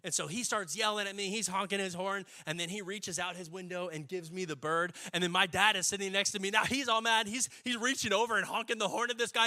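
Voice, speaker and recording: A young adult man preaching a sermon, folksy and animated, building to emphatic peaks. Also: sits high, fast, few pauses. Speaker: pastor.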